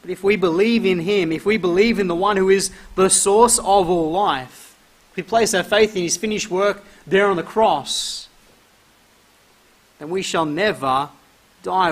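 A man preaching a sermon, reading scripture aloud and pressing his points with emphatic repetition. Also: high voice. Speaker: pastor.

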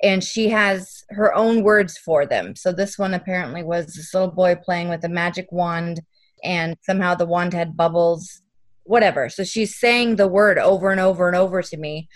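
A woman's voice: lowish voice, moderate pace. Earnest young mother telling stories. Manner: earnest, detailed storytelling. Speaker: parent of an autistic child. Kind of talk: interview conversation.

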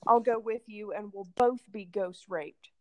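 A woman's voice: mid-range voice, measured pace, dry recording, dull audio. A woman co-hosting a casual chat podcast, reading old quotes aloud in a wry, amused way. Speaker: podcast co-host.

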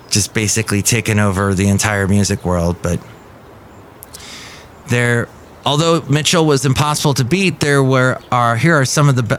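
A man hosting a casual solo podcast, commenting on music news in a rambling, opinionated way and reading quotes with lively swings. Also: medium pitch, a little hiss or hum. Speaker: podcast host.

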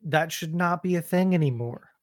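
A man with a fairly high voice joins a casual chat with blunt, firm opinions. The recording is close and dry. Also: moderate pace, darkish tone, dry recording.

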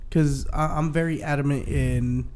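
A man in casual crude chat with friends who talks in a halting, joking way. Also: a little high, steady tone, darkish tone.

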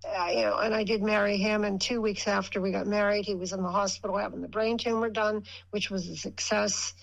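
This older woman, a guest on a radio program, wanders through a story from her own life and performs the quoted lines of dialogue. Her mid-range voice is creaky and level in tone, she talks fairly quickly, and the recording is rough.

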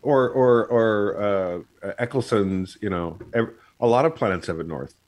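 A man's voice: on the low side, measured pace, darkish tone. A man co-hosting a casual chat on a video call, explaining with many fillers and restarts. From United States. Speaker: podcast co-host.

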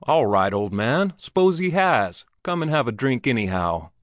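A man's voice: medium pitch, big pitch swings, unhurried, fairly bright tone, no echo, clean studio sound. A man voicing a jocular travelling salesman in an old Western story who fires off anxious questions.

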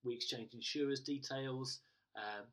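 Pastor guy chatting thru a sermon, kinda husky, mic a bit far off in a church. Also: medium pitch, fairly even intonation, measured pace, fairly bright tone. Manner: chatty, with acted-out asides and many fillers.

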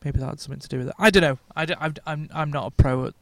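A man's voice: a little high, rapid-fire, gravelly, dry recording. A man co-hosting a podcast, chatting casually at a comic convention, rambling with restarts and frequent laughter. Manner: rambling, self-interrupting, laughs often. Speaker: podcast co-host. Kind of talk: casual chat.

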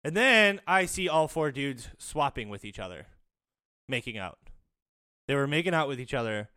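A man's voice: medium pitch, expressive, moderate pace, bright, forceful tone, smooth. A man telling a profane story in casual podcast chat, laughing through the punchlines.

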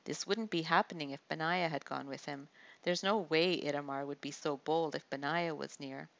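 A woman narrating a story aloud at a steady pace, with small slips. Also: low voice, normal speed, creaky, muffled recording. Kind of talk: audiobook narration.

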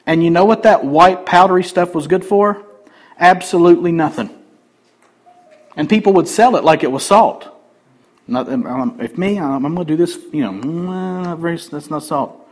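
A man preaching a sermon, swinging between emphatic raised passages and quiet conversational asides. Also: a little high, moderate pace, poor audio. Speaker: pastor.

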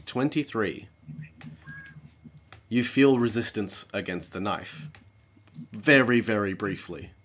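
Slow, measured tabletop game master. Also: mid-range voice, expressive, a bit bright, husky. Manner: slow, measured narration with dramatic pauses.

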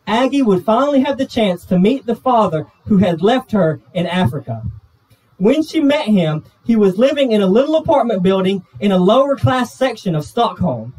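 A male pastor with a Southern US accent, telling a story in a sermon, earnest and slowing down, dropping low at the emotional moments. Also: darkish tone. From Georgia, US. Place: church sanctuary. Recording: voice from a distance off the pulpit mic.

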